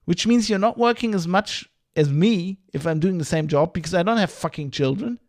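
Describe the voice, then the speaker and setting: A man's voice: high-pitched, expressive, moderate pace. A man hosting a podcast livestream, ranting in a heated, profane, rambling way. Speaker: podcast host.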